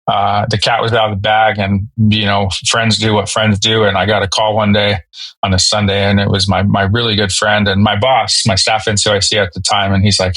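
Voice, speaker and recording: A man in his thirties, a podcast guest telling a personal story in a halting, emotional way with many fillers and restarts. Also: on the low side, level tone, sharp tone, no room sound, low-quality recording. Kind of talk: candid storytelling.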